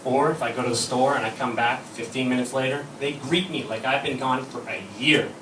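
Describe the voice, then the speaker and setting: A man's voice: mid-range voice, fairly even intonation, fairly quick. A man performing a stand-up comedy set, telling bawdy stories and acting out the quoted lines. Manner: bawdy, storytelling with acted-out quotes. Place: comedy club stage. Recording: echoey room, from far off, noisy.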